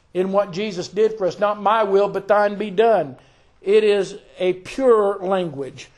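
Male preacher with a high voice, slow and deliberate, reciting scripture in a sermon. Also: darkish tone.

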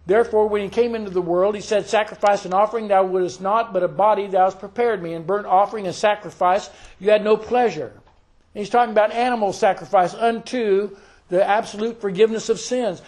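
Male preacher with a high voice, slow and deliberate, reciting scripture in a sermon. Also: steady tone, a little mellow.

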